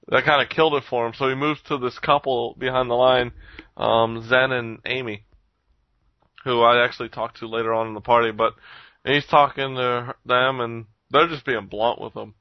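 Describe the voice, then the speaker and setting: A man's voice: mid-range voice, steady tone, moderate pace, dry recording. A young man tells a story in a casual, rambling way, with plenty of swearing and laughter. His voice sits in a mid-range. The recording is dry and muffled. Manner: rambling, profane, laughs often.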